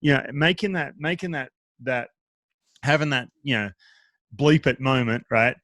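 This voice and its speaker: A man's voice: medium pitch, normal speed, fairly bright tone, no room sound. A man hosting a casual interview, chatty and telling stories with quoted asides. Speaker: podcast host, former pitcher.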